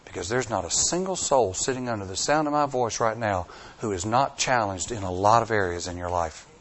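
A male pastor preaching a sermon in a folksy way, repeating lines for emphasis and swinging from hushed, slow passages to loud, high-pitched pleas. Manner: dramatic swings from hushed to near-shouting.

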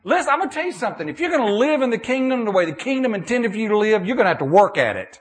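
Middle-aged male preacher, high voice that swings widely, folksy sermon delivery. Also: rapid-fire. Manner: animated, folksy, many restarts and "okay?" checks. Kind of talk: sermon with audience questions.

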